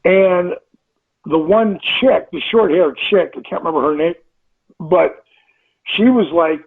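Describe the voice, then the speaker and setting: A man in his fifties, an interview guest telling stories in a casual, animated way, acting out quotes and swearing freely. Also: high-pitched, a little slow, breathy edge. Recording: tinny phone-line audio.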